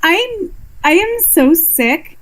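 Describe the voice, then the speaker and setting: High, enthusiastic woman guest. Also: animated, fairly bright tone. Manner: enthusiastic, opinionated, quick agreement. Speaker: guest voice actor. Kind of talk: casual interview chat.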